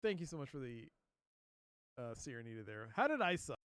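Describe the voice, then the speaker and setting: A man live-streaming a video game, swearing loudly and laughing as he plays. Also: medium pitch, big pitch swings, a little fast, clear, resonant tone, no room sound, studio quality. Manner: loud swearing outbursts and laughter while playing.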